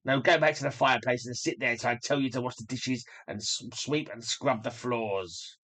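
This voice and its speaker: A man's voice: mid-range voice, fairly even intonation, moderate pace, a bit bright, lightly acted. A bossy, cruel stepmother read by a man. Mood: stern. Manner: stern, commanding. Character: harsh stepmother, middle-aged woman, cruel and bossy. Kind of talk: comic book read aloud.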